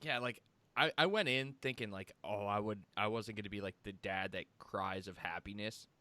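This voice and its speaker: A man's voice: lowish voice, normal speed, bright, forceful tone, clean tone, dry recording. A man hosting a casual podcast, chatty and reflective, with many fillers. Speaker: podcast host.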